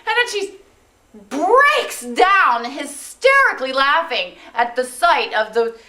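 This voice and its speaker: A woman telling a theatre anecdote in an animated way, acting out the quoted lines in raised voices. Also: high-pitched, slow pace. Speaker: interviewee in theatre documentary.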